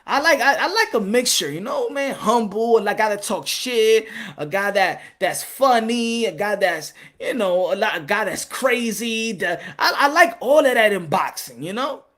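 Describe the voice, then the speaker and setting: A man giving an animated, profane boxing commentary rant, with hype-man shouting bursts and a lot of laughter. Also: high voice, normal speed. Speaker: boxing vlogger.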